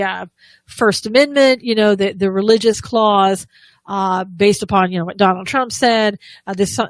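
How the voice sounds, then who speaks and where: A woman's voice: mid-range voice, dry recording. A woman co-hosting a live political talk show, giving opinionated commentary with frequent restarts and sarcastic asides.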